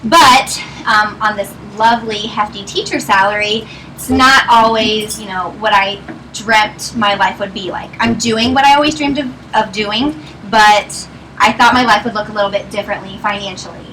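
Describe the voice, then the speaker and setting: Her voice sharp, medium in pitch, and at a normal speed, a twenty-something presenter from Northern Virginia chats through a story at a meeting and laughs as she talks. The mic sits far off, and noise comes through clearly in front of the live audience.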